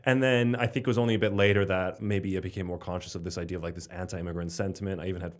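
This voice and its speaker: A man's voice: deep voice, steady tone, very fast. A young man from Slovenia, a stand-up comedian, chatting as a podcast guest in a rambling, jokey, sweary way. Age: 20s. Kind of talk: casual podcast interview.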